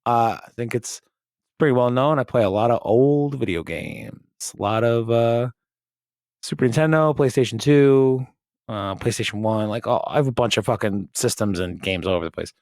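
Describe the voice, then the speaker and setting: A man's voice: mid-range voice, normal speed, a little mellow, dry recording. A young man co-hosts a casual podcast, laid-back and joking, tossing in swear words as he talks. His voice sits in an ordinary middle range. The sound is dry and close, with no room around it. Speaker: podcast co-host. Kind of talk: casual chat.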